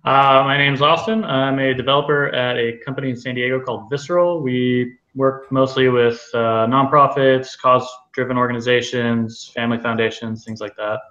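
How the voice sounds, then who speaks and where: A man introducing himself as a developer on a podcast, plain and a bit halting. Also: mid-range voice, fairly even intonation, fairly bright tone, dull audio. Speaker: developer guest.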